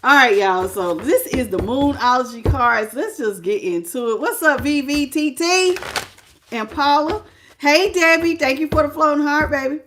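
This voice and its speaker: A middle-aged woman reading tarot on a live stream, animated and exclamatory, greeting her viewers by name. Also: sits high, normal speed, background noise. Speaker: tarot reader.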